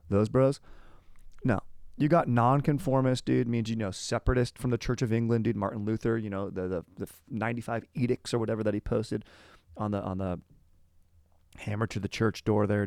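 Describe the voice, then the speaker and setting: A man's voice: lowish voice, creaky, clear, resonant tone, dry recording, clean studio sound. A young man hosting a podcast, talking about history in a rambling, casual way. He is slangy and laid-back, says "dude" all the time and drifts off topic. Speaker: podcast host.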